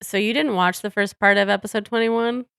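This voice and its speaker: A woman's voice: medium pitch, steady tone, fairly quick, gravelly, a bit bright, clean tone, no room sound, studio quality. A woman co-hosting a podcast in casual chat, chatty and laughing often, trailing off mid-thought. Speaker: podcast co-host.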